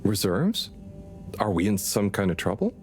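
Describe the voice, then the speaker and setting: A man's voice: lowish voice, big pitch swings, moderate pace, faint music behind. An actor playing an awkward, polite young male lab intern in a game. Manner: hesitant, polite. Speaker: professor's assistant.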